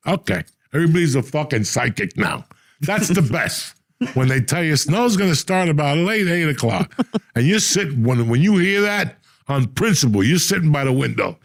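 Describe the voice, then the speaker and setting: Gravelly older New man ranting. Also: a little high, normal speed, dry recording. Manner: profane, rambling, animated storyteller. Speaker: podcast host. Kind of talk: casual storytelling chat.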